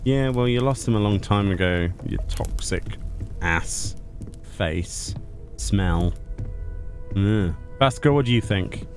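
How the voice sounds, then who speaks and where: A man's voice: lowish voice, slow pace, faint music behind. A man streaming a game, making casual, sarcastic jokes over the action. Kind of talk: casual gameplay commentary.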